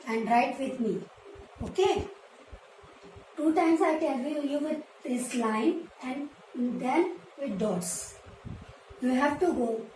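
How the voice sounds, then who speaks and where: Slow, high-voiced Indian woman teaching nursery. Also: darkish tone, recorded from a distance. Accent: Indian English. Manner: repeats words slowly and clearly for children to copy. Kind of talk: slow, patient classroom teaching to small children. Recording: roomy echo, voice from away from the mic, faint background noise.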